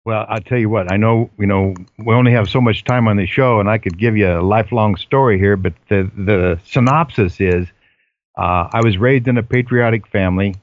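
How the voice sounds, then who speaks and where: A man's voice: fairly low pitch, fairly quick, lo-fi sound. Older man telling earnest stories. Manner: earnest storytelling, hesitant fillers. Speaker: guest. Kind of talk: casual chat.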